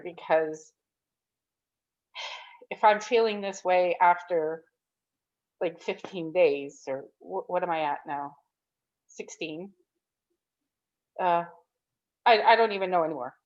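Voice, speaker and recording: A woman's voice: fairly low pitch, measured pace, long pauses. A woman in her thirties or forties giving an emotional, rambling testimonial on a group call. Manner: rambling, upbeat, tearful at times. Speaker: program participant giving a testimonial. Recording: dull lo-fi call audio.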